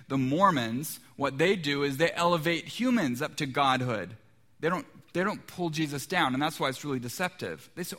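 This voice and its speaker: Man preaching a halting sermon. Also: lively intonation, a bit bright. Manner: halting, repeats words, shifts to high voices for quoted people. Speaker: pastor.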